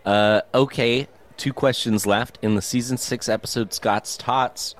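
A man's voice: medium pitch, measured pace. A man hosting a podcast trivia round, laughing often as he reads questions and plugs the show. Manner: laughs often, lively quizmaster. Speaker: podcast host reading listener trivia. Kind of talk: casual chat.

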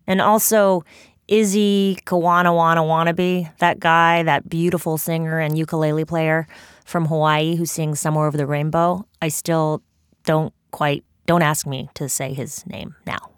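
A woman's voice: sits low, steady tone, moderate pace, clean tone, no echo, clean studio sound. A woman author talking casually about her book in a playful, rambling, self-deprecating way. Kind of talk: casual spoken reflection.

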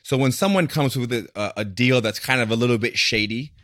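A man in casual podcast conversation, talking in an animated way and acting out the voices he quotes. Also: mid-range voice, brisk, no echo, clean studio sound.

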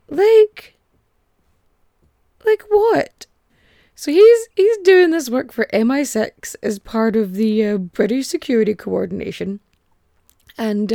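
A woman's voice: high-pitched, vocal fry, mellow, dry recording, clean studio sound. A woman hosting a casual comic history podcast, chatty and irreverent, with frequent swearing and filler words. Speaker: podcast host.

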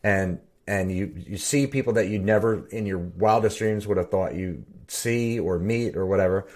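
Man, very low voice, middle-aged, casual podcast chat, rambling restarts. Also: normal speed, a little mellow. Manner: rambling, self-interrupting storyteller. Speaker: podcast co-host and bassist.

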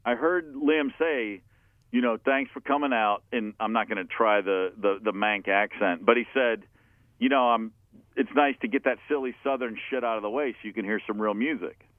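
A man's voice: mid-range voice, moderate pace, dry recording. Tinny-sounding man telling a wild story. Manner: animated, profane storyteller who laughs at himself. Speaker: musician guest. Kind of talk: casual anecdote telling. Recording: tinny phone-like dry sound.

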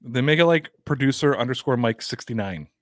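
A man hosting a live sports talk show in a loose, chatty, teasing way. His voice sits at an ordinary pitch, recorded close and dry with no room sound. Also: animated, fairly quick, no room sound. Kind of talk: casual live show chat.

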